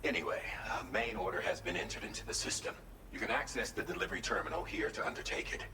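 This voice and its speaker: An actor playing a male mission dispatcher in a game, giving formal, measured instructions. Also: sits low, noisy background. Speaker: game character. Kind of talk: game dialogue. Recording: roomy game audio over music.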